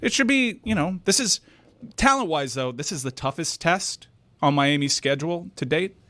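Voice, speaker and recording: A man co-hosting a sports talk show, giving a measured analysis of college football. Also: a little high, animated, sharp tone, dry recording.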